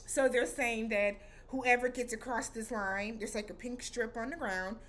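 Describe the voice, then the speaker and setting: Animated, slangy woman recapping a show. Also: a little high, normal speed. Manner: animated and slangy, acts out reactions. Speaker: vlog host reviewing a TV episode. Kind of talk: casual recap vlog.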